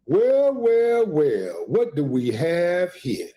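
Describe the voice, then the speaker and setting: Male host, live-stream commentary, emphatic, slow delivery with a lively, rising voice. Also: a little high. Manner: emphatic, addresses viewers as family.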